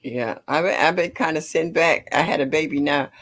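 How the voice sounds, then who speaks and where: An older woman hosting a casual gardening livestream, greeting viewers by name and chatting warmly. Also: sits low, brisk. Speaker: livestream host.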